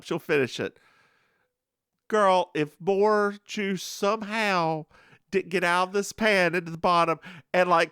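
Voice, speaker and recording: A podcast co-host telling stories in casual chat, animated and laughing often. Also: mid-range voice, smooth, no room sound, clean studio sound.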